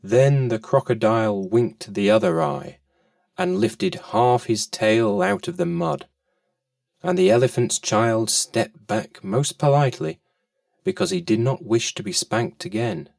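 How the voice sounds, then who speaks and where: A man reading a children's story aloud with fond, expressive storytelling, his voice a bit off-mic. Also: mid-range voice, a little slow, vocal fry, dry recording, studio quality, distant mic.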